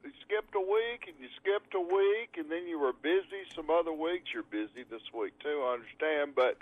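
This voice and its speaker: A man calls in over a thin, tinny phone line, his voice pitched a bit high for a man. He rambles and circles back on his words with a wry, easygoing humor. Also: normal speed. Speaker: caller. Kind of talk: casual chat on a call-in show.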